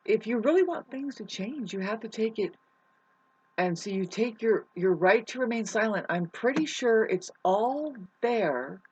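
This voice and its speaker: Woman, husky voice, rambling spiritual monologue, excitable, swings loud to quiet, dull lo-fi recording. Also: fairly high pitch, measured pace. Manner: swears casually, many restarts. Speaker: vlogger.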